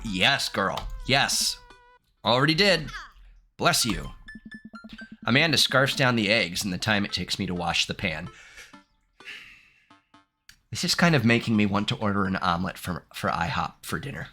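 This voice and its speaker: A man in his thirties doing let's play commentary, reading game text aloud, animated and candid, laughing often. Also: fairly low pitch, unhurried, long pauses, faint music behind. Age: 30s. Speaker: gaming streamer.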